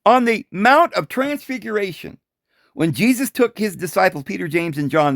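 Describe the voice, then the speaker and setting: A man talks through scripture in a loose, conversational teaching style, tossing out rhetorical questions and little laughs. His voice sits high and swings widely in pitch. The sound is close and dry, with no room around it. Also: dry recording. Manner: animated, full of rhetorical questions and quick chuckles. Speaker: Bible teacher. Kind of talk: informal Bible commentary.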